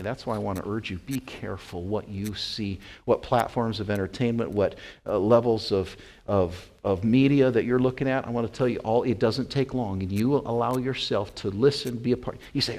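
A man's voice: fairly low pitch, fairly quick, few pauses, a little mellow. A middle-aged man from Wyoming preaching a sermon, earnest, with fillers and emphatic rising peaks. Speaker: pastor.

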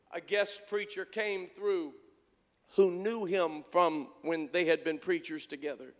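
A man preaching a sermon, moving between quiet storytelling and shouted, impassioned calls. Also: sits high, fairly even intonation, a little slow, long reverb tail. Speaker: pastor. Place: church.

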